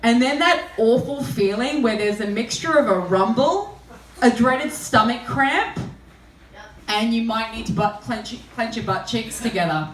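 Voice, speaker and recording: A woman's voice: fairly high pitch, lively intonation, measured pace. Crude, giggly woman doing stand-up. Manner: crude, self-deprecating storytelling, laughing through lines. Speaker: stand-up comedian. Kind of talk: live spoken-word comedy set. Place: small live performance venue. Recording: roomy live room, far from mic, audience noise. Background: audience laughing and reacting.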